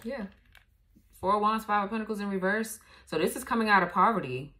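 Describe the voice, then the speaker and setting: A woman's voice: mid-range voice, a little fast, bright, forceful tone. A woman giving a casual tarot reading, blunt and profane, laughing often as she goes. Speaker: tarot reader.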